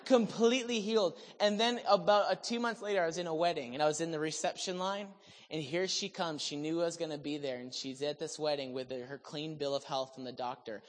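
A male preacher delivers a sermon in animated storytelling mode. His delivery rises to loud, excited peaks and drops to soft, hushed passages. The sound carries the long reverb of a large hall. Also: a little high, fairly quick.

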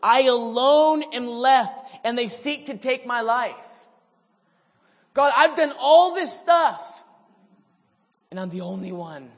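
A man voicing a despairing male prophet, loud and whiny with self-pity. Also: expressive, slow, long pauses, in a large hall, heavily acted. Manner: high, loud, whiny complaint.

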